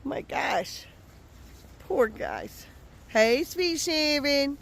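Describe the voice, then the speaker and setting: Woman vlogger cooing baby talk to animals outside; unhurried, bouncy high voice. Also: expressive, vocal fry. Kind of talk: casual chat with farm animals. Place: outdoors with animals.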